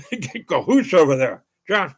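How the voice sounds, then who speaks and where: A man's voice: on the high side, big pitch swings, slow, husky. An older American man hosting his own show, talking in a rambling monologue full of fillers and restarts. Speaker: show host.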